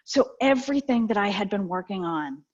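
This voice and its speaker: Brisk and medium-pitched, a middle-aged woman speaks as a guest on a video call with dull, low-quality audio. Her motivational talk leans on lively personal stories in which she acts out the quoted back-and-forth.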